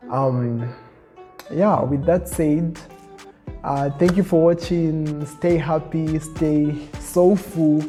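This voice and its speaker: A man's voice: on the high side, mellow. A man in a casual storytelling vlog, retelling a story chattily with lots of fillers.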